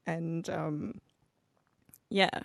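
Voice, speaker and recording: A young woman co-hosting a podcast, telling stories in a chatty, animated way with lots of "like". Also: low voice, drawn-out words, gravelly, dry recording, clean studio sound. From Australia. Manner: chatty, animated storyteller with fillers like "like". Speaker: podcast co-host. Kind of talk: casual chat.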